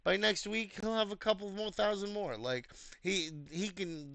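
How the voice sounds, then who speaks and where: Earnest rambling American man, bright voice. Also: sits high, moderate pace, vocal fry, dry recording. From United States. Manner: rambling, many restarts and fillers; earnest, explanatory. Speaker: community host reviewing threads. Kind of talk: casual advice chat.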